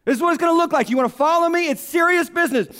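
A pastor preaching a sermon in an animated, humorous way, acting out quotes. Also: male voice, very high-pitched, racing.

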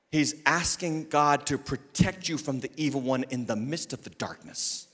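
A man preaches from the pulpit in a high, bright voice, punching key words and then dropping to quiet asides. His sermon rings with the long reverb of a large church hall. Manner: emphatic preaching, swinging from loud declarations to quiet asides, with humor. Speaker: lead pastor. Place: church sanctuary.

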